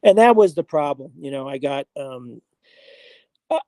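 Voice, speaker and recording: A man, an interview guest who plays horses, telling a story in a casual, animated way. He acts out what other people said and swears now and then. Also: fairly high pitch, measured pace, no room sound. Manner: animated, acts out quoted voices, frequent "I was like", mild swearing.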